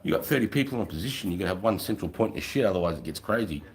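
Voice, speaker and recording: Man, very deep voice, crude swaggering storytelling, heavy swearing. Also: animated, rapid-fire, background noise. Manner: profane, boastful, swaggering.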